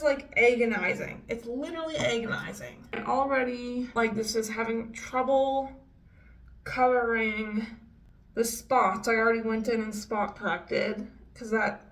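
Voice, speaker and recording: A woman's voice: a little high, recorded from a distance. A young woman doing a casual makeup vlog, talking frankly and swearing often with frustrated outbursts. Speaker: beauty vlogger.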